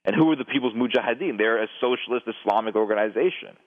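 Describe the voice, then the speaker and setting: A man's voice: mid-range voice, fast talker. Lecturing man on a tinny phone line. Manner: lecturing, stammers and restarts often. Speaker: guest expert on terrorism. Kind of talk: radio phone interview.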